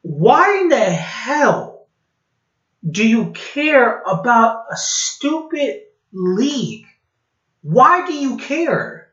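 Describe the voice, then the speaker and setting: Brief: mocking male vlogger, blunt rant, higher voice, slightly muffled sound. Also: big pitch swings, very slow, fairly bright tone. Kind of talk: sarcastic commentary rant. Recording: dull, roomy home recording.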